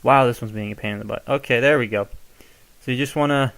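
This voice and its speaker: A young toy reviewer casually demonstrates how to modify a toy, chatting and drifting into rambling asides. His mid-range voice is fast, creaky and a bit bright.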